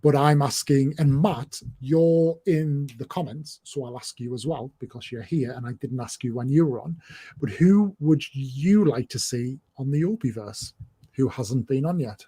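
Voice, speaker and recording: Hosting a laid-back livestream, this northeast English man speaks at a moderate pace in a medium-pitched voice that's dark and husky. He rambles, full of fillers, often restarting his sentences.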